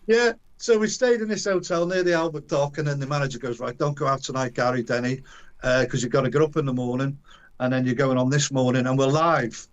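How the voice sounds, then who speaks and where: An older man spins a rambling story for an interviewer, full of slang and half-finished restarts. He slips into the voices of the people in his tale and breaks off with little chuckles. His voice sits at an ordinary middle pitch. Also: fairly quick, a little hiss or hum. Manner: animated, acts out quoted voices, frequent restarts and chuckles; colloquial, earthy slang. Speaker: interview guest. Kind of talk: casual storytelling anecdote.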